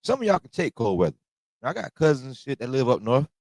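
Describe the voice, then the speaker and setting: A man's voice: mid-range voice, big pitch swings, fast talker, a little mellow, dry recording. A man hosting a reaction video, talking casually in slang and joking about the cold, getting over a cold. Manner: slangy, laughing, exaggerated complaints. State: has a cold.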